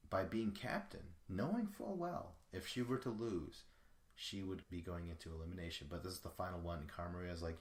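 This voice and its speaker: A man's voice: deep voice, moderate pace, echoey room. A man hosting a podcast alone, recapping in a casual, rambling way that is full of profanity. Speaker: podcast host. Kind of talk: solo show recap.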